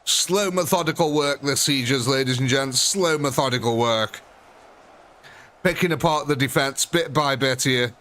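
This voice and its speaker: A man streaming live gameplay, voice sitting at an ordinary middle pitch. He thinks aloud in a chatty way and talks directly to the units on screen as he sorts them out. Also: unhurried, sharp tone. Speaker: gaming streamer.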